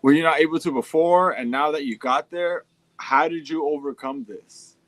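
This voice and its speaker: A man's voice: a little high, moderate pace, fairly bright tone, no room sound. A young man chatting casually on a livestream, reading out fan messages in a laid-back, slangy and profane way.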